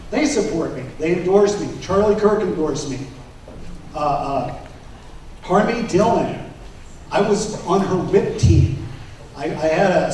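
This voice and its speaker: A man's voice: high voice, darkish tone, a little hiss or hum. Man speaking in a very echoey hall. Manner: storytelling, emphatic, quotes others with raised voice. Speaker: political candidate. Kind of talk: campaign speech to delegates. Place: convention hall. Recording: very echoey hall, mic at a distance.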